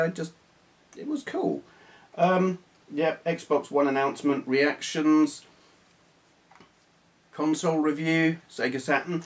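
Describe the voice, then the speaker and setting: Guy, retro gaming vlogger, casual rambling chat with lots of restarts and self-deprecating asides. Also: on the high side. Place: small hot room under bright video lights.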